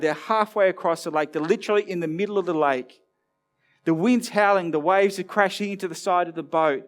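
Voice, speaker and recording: A man preaching a sermon in a church, animated and storytelling, dropping low and quiet for emphasis. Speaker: pastor.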